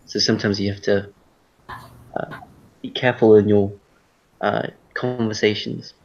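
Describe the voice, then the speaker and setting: Low gravelly male tutor on a call. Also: a little slow. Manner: relaxed, explains with spoken examples. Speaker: English tutor. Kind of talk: online class explanation. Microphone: video call. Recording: dull lo-fi video call audio.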